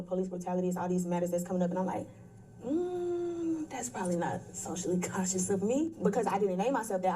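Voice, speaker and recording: A woman being interviewed, reflecting out loud on her own experiences. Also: fairly low pitch, slight background noise. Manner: reflective, thinking aloud. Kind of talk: interview clip. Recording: distant playback through stream.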